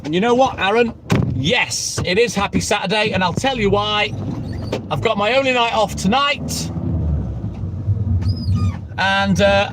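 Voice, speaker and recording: A man with a high voice chats slowly with viewers in sweary, joking banter. He talks into a phone, and the steady rumble of a moving vehicle sits under him. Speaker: livestream host. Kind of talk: casual live-stream chat.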